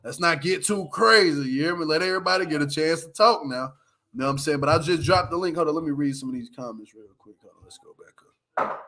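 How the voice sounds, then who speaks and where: A man's voice: fairly high pitch, quick pace, pushed and bright. A man hosting a casual livestream, reviewing a reality show, laughing often as he retells scenes with lots of slang.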